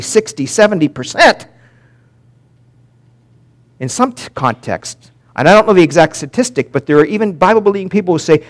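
A male pastor delivering a sermon in a lively, animated voice that leaps up and falls away for emphasis. His voice sits a little higher than most men's, and he slows down deliberately when he reads scripture. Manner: animated preaching, rising and dropping sharply for emphasis; slows down to read scripture aloud.

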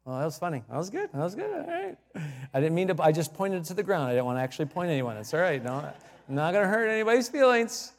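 Guy preaching a sermon, pretty high voice, big echoey church, gets loud and punchy then quiet again. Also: big pitch swings, quick pace. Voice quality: emphatic preaching that swings from low asides to loud climaxes. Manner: chuckles at his own jokes and repeats key phrases. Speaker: pastor. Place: church sanctuary. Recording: long reverb of a large church.

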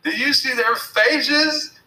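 A man voicing a wild, mischievous boy who screeches and taunts in a shrill, girlish squeal. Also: animated, drawn-out words, pushed and bright, roomy sound, recorded from a distance, slight background noise, exaggerated voice, poor audio. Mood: laughing gleeful.

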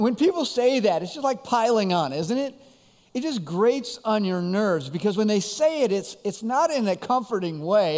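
Man, pastor, sermon, high voice, repeats and restarts, long hall echo. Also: a little mellow. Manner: conversational, with frequent repetitions and restarts.

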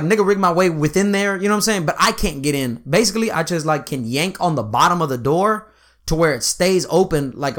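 A young man telling a long work story in casual chat, animated and profane, acting out the quoted lines and filling with "you know what I'm saying". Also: a little high.

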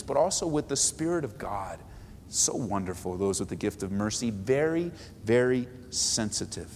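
A man's voice: fairly high pitch, a little mellow, in a large hall, slight background noise. A man pastor teaching a Bible study sermon in a church sanctuary, earnest, repeating phrases and stretching out key words.

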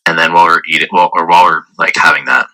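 A man talks in a deep, low register with a very bright, cutting edge to his tone. He rambles casually through a voice message, swearing freely and leaning on filler words. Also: steady tone, very fast, poor audio. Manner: profane, rambling, heavy use of filler words. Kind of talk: casual storytelling.

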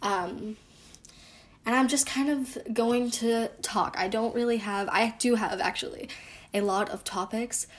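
A young woman co-hosting a casual podcast giggles and keeps restarting her intro lines in these blooper takes. She has a fairly high voice and a measured pace.

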